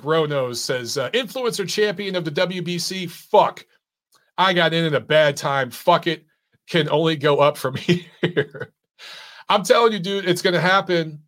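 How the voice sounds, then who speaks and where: A man's voice: fairly high pitch, fairly bright tone. A middle-aged man hosting a casual boxing live stream, reading chat comments in a loose, chatty way with lots of fillers and restarts.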